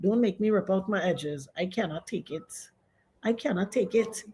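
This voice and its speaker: A woman's voice: mid-range voice, moderate pace, warm tone. An American woman doing casual commentary, emphatic and repetitive, with sudden outbursts. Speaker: commentary vlogger.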